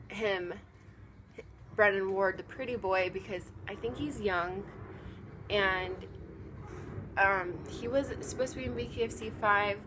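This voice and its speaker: A woman's voice: mid-range voice, noisy background. A young woman vlogging casually, rambling through a story with lots of fillers and quoted asides.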